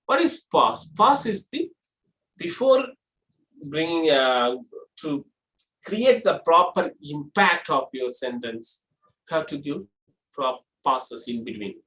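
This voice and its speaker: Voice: medium pitch, big pitch swings, slow pace, long pauses, a bit bright, reverberant, rough recording. A trainer giving a classroom lecture on public speaking. The trainer explains step by step and poses rhetorical questions, then answers them.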